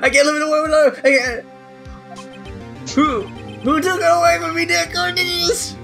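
A man's voice: very high voice, flat delivery, normal speed, fairly bright tone, soft background music, pitched above the performer's own voice. A man voicing a frantic, melodramatic young man who wails about being doomed. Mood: despairing. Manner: frantic wailing.

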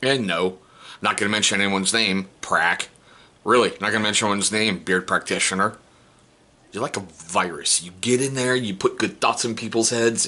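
A man's voice: fairly low pitch, bright, forceful tone, slightly rough. A man in his forties talking candidly to camera in a casual vlog, joking between points and asking rhetorical questions. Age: 40s. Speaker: vlogger. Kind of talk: casual self-help talk to camera.

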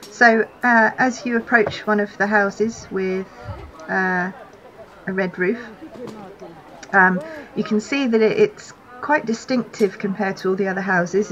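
A woman narrating a tabletop game as game master, in an unhurried way with many fillers, on a dull lo-fi recording. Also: medium pitch, a bit bright.

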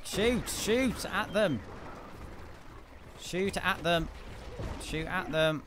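A young man giving excitable let's-play commentary, laughing often and yelling at his teammates. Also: high-pitched, very slow, noisy background. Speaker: gaming video host.

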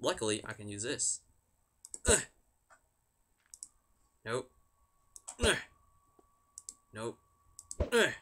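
A man's voice: mid-range voice, sing-song, very slow, long pauses, pushed and bright. A young man talking casually over a game he plays, chanting repeated words under his breath. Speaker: gamer. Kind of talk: game commentary. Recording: music in background.

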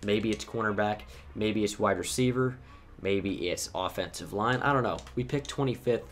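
A young man giving casual, chatty commentary while playing a football video game, reacting with quick bursts of swearing. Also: lowish voice. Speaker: gaming YouTuber.

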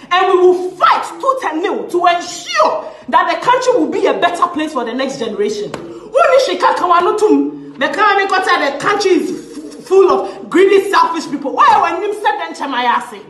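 A woman's voice: extremely high pitch, fairly bright tone, echoey room. A woman with a Ghanaian English accent, an activist ranting on a social media video in an impassioned, confrontational way and mixing in Twi phrases. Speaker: activist campaigner.

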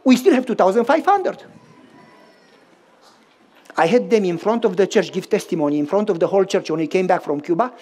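Man with a romanian accent preaching, animated storytelling, does all the voices himself. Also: very high voice. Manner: animated, acts out dialogue in shifting voices. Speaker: pastor. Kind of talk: sermon storytelling.

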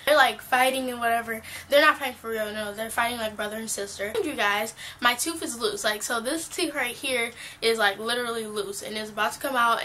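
A teenage girl vlogging casually, telling a rambling, animated story full of fillers. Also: fairly high pitch, fairly quick, hardly any pauses, slight background noise. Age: teen.

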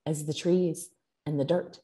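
A woman from Maine, a guest in an interview, talking in a reflective, earnest, relaxed way. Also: low-pitched, a little slow. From Maine, USA. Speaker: guest, author. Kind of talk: casual conversational interview.

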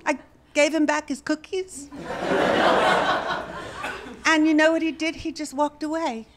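A woman comedian doing stand-up storytelling on a club stage, wry and deadpan, rising to exasperated bursts. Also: high voice, unhurried, noisy background. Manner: deadpan, wry delivery that rises to exasperated outbursts. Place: comedy club stage before a laughing audience.

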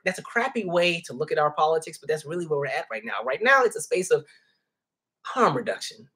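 A man with a fairly high, bright, husky voice speaks forcefully as he hosts a livestream. He reads the chat and talks casually with his viewers, calling them y'all.

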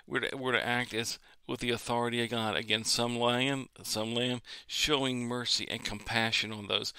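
A man's voice: medium pitch, creaky, sharp tone, clear, resonant tone, no room sound. A man preaching a sermon in an earnest way, repeating phrases to build emphasis.

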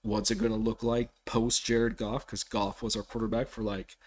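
A man hosting a casual solo sports podcast, rambling with frequent restarts and animated bursts of excitement. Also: lowish voice, normal speed. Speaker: podcast host.

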